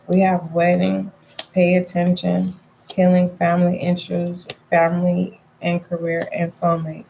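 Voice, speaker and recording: A woman's voice: on the low side, creaky, mellow, highs cut off, slight background noise. A woman giving a casual tarot reading to her viewers, chatty and frank, calling them pet names and repeating points for emphasis. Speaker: tarot reader.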